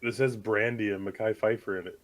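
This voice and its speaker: A man's voice: on the low side, steady tone, a little fast. A man co-hosting a movie podcast, chatting casually, rambling and joking with lots of fillers. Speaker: podcast co-host. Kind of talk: casual chat.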